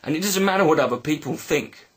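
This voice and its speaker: Man, higher-pitched voice, husky tone, earnest, halting speech, personal vlog monologue. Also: animated. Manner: halting, earnest, with many restarts. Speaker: video blogger.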